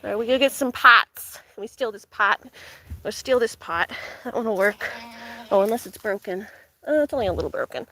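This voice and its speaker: A woman's voice: on the high side, expressive, moderate pace, noisy background. A woman livestreaming outdoors with a phone on a tripod, chatting and baby-talking to her animals. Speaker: vlogger with pets. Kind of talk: casual livestream chat.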